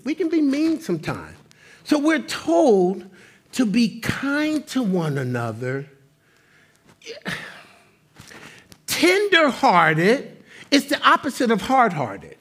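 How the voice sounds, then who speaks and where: Animated, husky-voiced male preacher. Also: very high-pitched. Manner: animated, conversational preaching with humor; lively, swings between loud exclamations and quiet asides. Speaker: pastor. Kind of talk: sermon.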